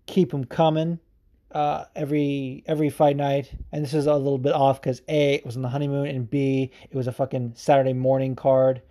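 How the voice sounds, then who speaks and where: A man's voice: medium pitch, little pitch movement, a little fast, dark tone. A man hosting a podcast, chatting casually in a rambling, profane way with lots of filler words. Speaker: podcast host. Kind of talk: casual chat.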